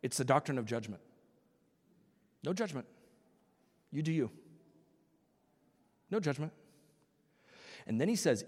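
A man's voice: mid-range voice, animated, a little slow, long pauses, darkish tone, slightly rough, long reverb tail. A man preaching a sermon as pastor, acting out quotes and dropping to a whisper for emphasis.

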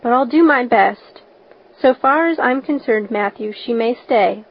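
A woman voicing a stern, practical older woman who speaks in a brisk, scolding way. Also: a little high. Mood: dry resolve. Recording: dull lo-fi recording.

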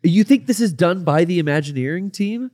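A curious man on a podcast, asking questions and musing out loud. His voice sits a bit high and rises and falls freely. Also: expressive, a little fast. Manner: curious, asks questions and reacts. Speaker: podcast co-host. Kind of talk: casual chat.

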